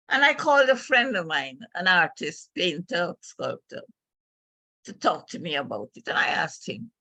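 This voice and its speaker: An older woman giving a speech, telling a personal family story in an emotional, halting storyteller's way. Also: mid-range voice, a bit bright, no echo. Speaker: speaker at a club meeting.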